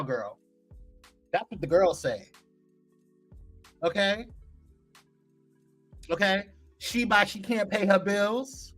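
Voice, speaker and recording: Animated man hosting a gossip show. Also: sits high. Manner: animated, playful, teasing, chatty with frequent laughs. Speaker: live morning show host. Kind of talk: casual gossip chat, reading viewer comments live.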